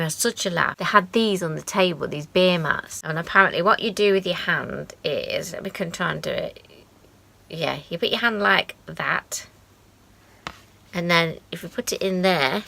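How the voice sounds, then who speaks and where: Brief: British woman, 40s, vlogger; low, gravelly voice, casual and sentimental. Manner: chatty and sentimental, with soft asides. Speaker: craft vlogger. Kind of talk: casual show-and-tell.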